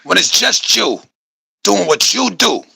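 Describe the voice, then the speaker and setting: Animated, profane man reacting loudly. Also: sits high, a little slow, gravelly, husky. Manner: animated, profane, rhetorical and repetitive. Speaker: podcast host reacting to videos.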